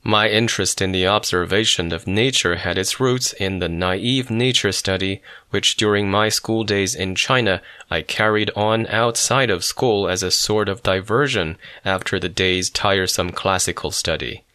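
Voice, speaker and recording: A man narrating a memoir in a measured, formal reading style. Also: deep voice, pushed and bright, clean tone, no room sound, studio quality. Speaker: audiobook narrator.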